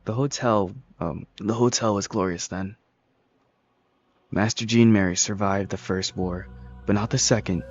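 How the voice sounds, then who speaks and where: A man's voice: lowish voice, steady tone, measured pace, muffled recording. A man voicing a servile starved minotaur. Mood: solemn. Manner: solemn, servile, plainly spoken. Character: starved male bull-headed monster servant.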